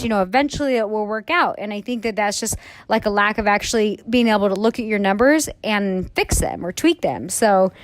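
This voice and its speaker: A woman's voice: a little high, no echo. A woman in her thirties, a salon owner talking candidly in a casual podcast chat, rambling with lots of fillers and the odd swear word.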